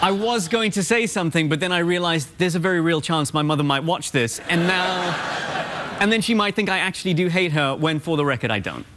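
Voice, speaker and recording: A man's voice: fairly high pitch, fairly quick, very noisy. A young adult man from South Africa with a London-tinged South African accent, a talk show guest who answers with polite, dry, self-deprecating humor.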